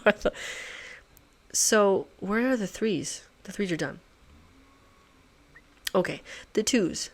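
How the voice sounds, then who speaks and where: A woman's voice: medium pitch, slow pace, long pauses. A woman hosting a puzzle channel, talking to herself as she solves, muttering, swearing and laughing at herself.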